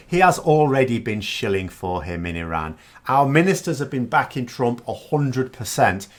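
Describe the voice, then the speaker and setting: A British man talks through political commentary with a scornful, sarcastic edge. His pitch swings in a lively, animated way as he leans hard on his points. His voice sits in a mid register.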